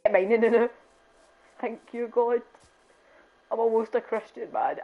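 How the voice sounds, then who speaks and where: A woman chatting excitably as she streams a game, laughing often and breaking into loud exclamations. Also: a little high, a little slow, pauses often, phone-quality sound. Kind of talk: casual gameplay chat.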